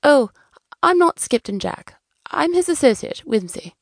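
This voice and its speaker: A woman's voice: high-pitched, big pitch swings, unhurried, no echo, clean studio sound, pitched above the performer's own voice, exaggerated voice. A woman doing a chirpy young aristocrat sleuth. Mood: excited. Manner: chirpy, fussy and very British-polite. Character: eager, excitable young aristocratic male detective. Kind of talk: children's audiobook narration.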